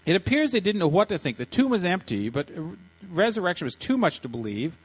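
A man preaching a sermon, retelling a story in lively, animated fashion and acting out the voices with frequent restarts. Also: sits high, brisk, breathy edge, poor audio. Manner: animated, acts out voices in quotes, many restarts. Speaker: pastor.

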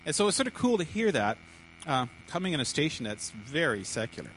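A man's voice: a little high, sing-song, brisk, a bit bright, slight background noise, rough recording. A man preaching a sermon to a congregation, often stumbling, repeating words and restarting sentences.

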